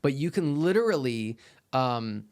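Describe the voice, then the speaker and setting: A man's voice: mid-range voice, very animated, measured pace, darkish tone, smooth. A man hosting a podcast, talking casually and encouragingly about acting confidence, sometimes acting out an inner voice. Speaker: podcast host.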